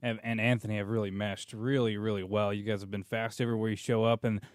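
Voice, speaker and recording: A man's voice: fairly low pitch, little pitch movement, fast talker, no room sound, clean studio sound. A man co-hosting a morning radio show who asks rambling, joking questions full of fillers. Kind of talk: casual radio interview.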